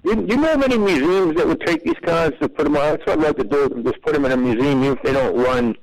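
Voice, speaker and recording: A man hosting a casual talk show, chiming in with quick questions and short reactions. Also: fairly high pitch, poor audio. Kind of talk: casual chat.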